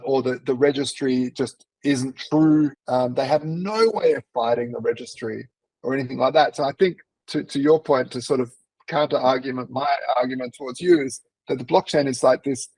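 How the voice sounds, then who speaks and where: A man's voice: mid-range voice, a little mellow, no room sound, poor audio. A man hosting an interview, telling long rambling stories in casual chat. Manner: rambling storyteller with fillers and restarts. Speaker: interview host.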